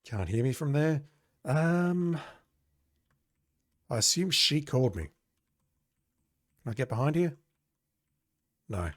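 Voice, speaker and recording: A man's voice: mid-range voice, very animated, moderate pace, pauses often, fairly bright tone, dry recording, clean studio sound. Wry man playing an old game. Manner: wry, sarcastic asides. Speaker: let's play gamer. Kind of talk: casual game commentary, reading game text aloud.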